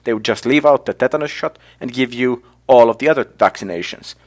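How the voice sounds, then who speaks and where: A man's voice: medium pitch, fairly quick, a little mellow. A man giving a solo talk to camera, thinking aloud with fillers and restarts as he reflects. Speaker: blogger.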